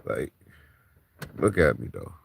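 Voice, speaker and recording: A man's voice: extremely low pitch, animated, takes it slowly, vocal fry, breathy edge, no room sound. A man in his thirties venting raw frustration and distress to the camera, emotionally worn and on the edge of tears, swearing as he talks. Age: 30s. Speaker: vlogger.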